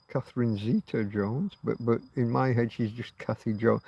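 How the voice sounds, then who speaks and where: This middle-aged man hosts a late-night livestream from outside near a road, his mid-range voice creaky and warm at a moderate pace with no room sound. He muses and swears, talking to himself as he chats.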